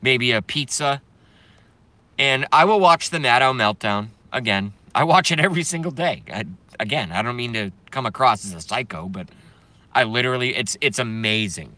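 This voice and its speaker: Angry cussing guy ranting and reading comments, bright voice that jumps all over. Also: mid-range voice. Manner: profane, heated, swings between yelling and mumbling. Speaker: political ranter reading viewer comments.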